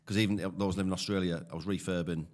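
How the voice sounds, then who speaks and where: Low-voiced chatty man with a Teesside accent. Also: fairly even intonation, racing, a little mellow. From Teesside, England. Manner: chatty storyteller, many fillers. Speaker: guest, property investor. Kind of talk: casual podcast conversation.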